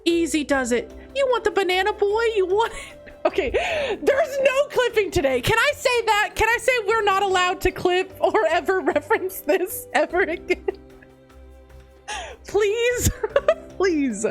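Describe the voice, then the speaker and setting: High, animated woman streaming a game. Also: moderate pace, hardly any pauses, soft background music. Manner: playful, dramatic, swinging between high squeals and mock-low asides. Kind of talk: casual game-stream commentary.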